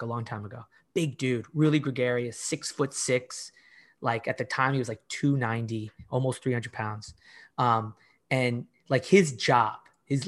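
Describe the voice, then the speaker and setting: His voice is medium-pitched and a touch bright. This middle-aged fitness coach spins stories in a relaxed podcast interview with emphatic delivery, regularly voicing his own earlier words. "Like" fillers and restarts come up often.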